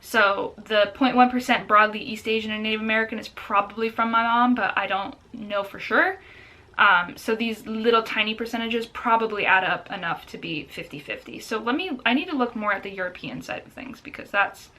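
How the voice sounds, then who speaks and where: A young woman talks casually to her camera in a bright, clear voice. She is chatty and excitable, reacting aloud as she reads through results. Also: on the high side, fairly quick. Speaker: vlogger. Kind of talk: casual vlog, reading out test results.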